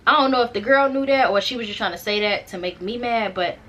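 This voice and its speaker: A woman's voice: a little high, quick pace, a bit bright. A young woman casually telling a personal story straight to her viewers, chatty and slangy, often turning to the audience to check they follow. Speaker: storytime vlogger.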